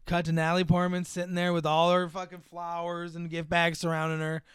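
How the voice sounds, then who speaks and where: A man's voice: a little high, completely flat delivery, a little fast, a bit bright, smooth, no echo, studio quality. A young man in casual chat, rambling through a film plot with plenty of filler and swearing, acting out the characters' lines. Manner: rambling, lots of "like" and profanity, acts out quotes.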